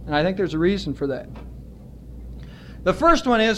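A man preaching a sermon as pastor, earnest and emphatic, stretching out his words with pauses. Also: sits high, lively intonation, fairly bright tone, a little hiss or hum.

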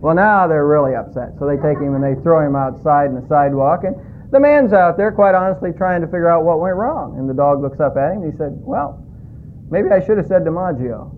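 A male pastor delivers a folksy sermon, pausing often with fillers between thoughts. His voice sits high for a man and comes through thin and phone-like, with a faint low rumble underneath. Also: expressive. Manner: folksy, hesitant with frequent fillers.

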